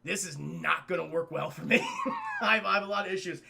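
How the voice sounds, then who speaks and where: A man's voice: high voice, wildly swooping pitch, fairly quick, vocal fry, sharp tone, exaggerated voice. A man briefly voicing a worried cartoon crime boss in his own voice.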